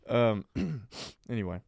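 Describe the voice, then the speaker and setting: A co-host on a sports podcast talks in a rambling, filler-laden way and laughs easily during casual chat. His mid-range voice is creaky, and the dry recording has its highs cut off.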